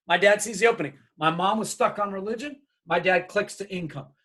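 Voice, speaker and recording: A man giving a storytelling keynote talk on diversity, lively and acting out his family's voices. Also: high voice, a little fast. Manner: animated, acts out his parents' voices. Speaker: diversity speaker.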